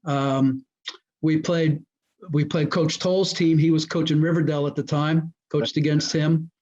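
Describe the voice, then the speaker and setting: A man, a former high school football coach, telling old stories as a guest and acting out what people said. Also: a little slow. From New Jersey. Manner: animated storyteller who acts out quoted dialogue. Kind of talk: casual storytelling interview. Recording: muffled lo-fi audio.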